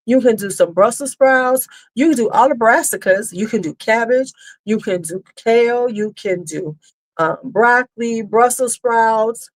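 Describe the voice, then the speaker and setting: Unhurried and a little high-pitched, this beauty channel host speaks on a casual livestream. She's blunt, curses now and then, and responds to viewer comments as they come in.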